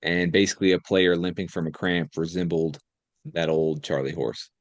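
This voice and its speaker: A man's voice: low-pitched, steady tone, moderate pace, no echo, highs cut off. A young man co-hosting a podcast in casual chat, joking and rambling with frequent laughs. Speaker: podcast co-host.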